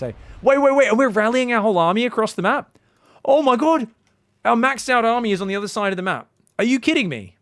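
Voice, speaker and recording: A man casting a strategy game in casual, sarcastic commentary, rambling into profane jokes. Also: a little high. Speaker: game caster.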